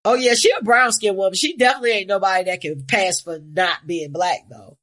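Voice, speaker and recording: Bright-voiced woman podcast co-host. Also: mid-range voice, a little fast. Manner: blunt, rambling, swears freely. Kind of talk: casual profane chat.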